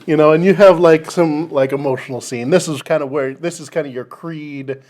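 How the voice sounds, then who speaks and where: A man's voice: a little high, fairly even intonation, a little mellow. Man, comedy podcast co-host, rambling, casual chat. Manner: rambling, acts out lines in quick put-on voices.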